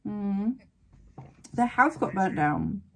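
A woman's voice: mid-range voice, lively intonation, slow. A woman hosting an anime reaction, gasping, exclaiming and swearing bluntly as she comments live.

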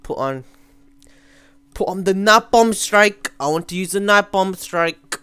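A young man giving live commentary over his own gameplay, excitable, switching between mumbled asides and sudden yells. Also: high-pitched, a little slow, smooth, no echo. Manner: excitable, swings from mumbling to yelling. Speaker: gaming commentator. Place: home room.

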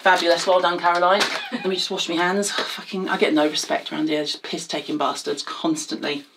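A woman's voice: lowish voice, level tone, brisk, background noise. A middle-aged woman, hosting a beauty product chat in a blunt, sweary, jokey way. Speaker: beauty show host. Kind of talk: casual chat reviewing products.

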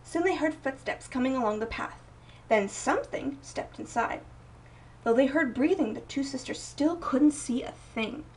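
Woman reading a picture book aloud. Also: sits high. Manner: slow, expressive storytelling. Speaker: storybook reader. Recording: voice a bit distant from mic.

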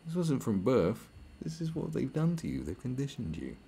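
British male podcast host with a low, dark, gravelly voice, ranting sarcastically and swearing. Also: big pitch swings, moderate pace, a little hiss or hum. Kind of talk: podcast monologue.

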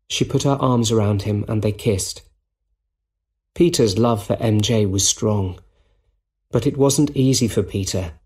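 Low guy reading a story slowly for english learners, very clear. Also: a little mellow. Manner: slow, plain, clearly spoken. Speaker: narrator.

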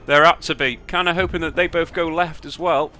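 He speaks fairly quickly in a bright, forceful voice on the high side, his tone steady, while soft music plays behind. The British slot streamer offers sarcastic, sweary live commentary on his spins, grumbling to himself in between bursts.

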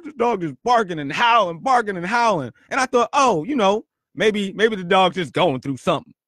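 A man hosting his own podcast, telling a story in a punchy, animated way and often repeating words. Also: sits high, moderate pace, dry recording, studio quality. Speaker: podcast host. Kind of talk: storytelling monologue.

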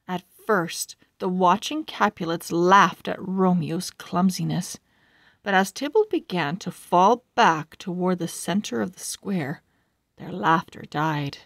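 A woman reading a children's storybook aloud in a calm, measured way. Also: on the low side, no room sound, studio quality. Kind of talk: children's book read-aloud.

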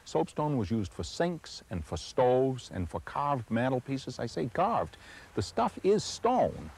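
Man, New England accent, enthusiastic tour host, husky, lively pitch, faint music. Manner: enthusiastic, exclaiming. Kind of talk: travel show presenting. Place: outdoors on location.

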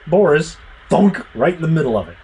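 A man runs a tabletop game, narrating scenes with lively, animated storytelling and sound effects. His voice sits a bit high and moves a lot. Faint background noise sits under it. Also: brisk, poor audio. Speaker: game master.

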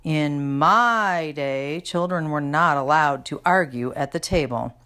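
A woman reading a storybook aloud, voicing a stern older grandmother who speaks slowly and dramatically. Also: deep voice, a bit bright. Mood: disapproving. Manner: slow, dramatic, disapproving. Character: stern, stiff old grandmother, slow and dramatic.

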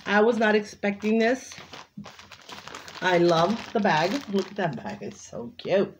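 A woman's voice: mid-range voice, sing-song, a little slow, slight background noise. A woman crafting vlogger in casual unboxing chat, gushing and exclaiming over each item she opens.

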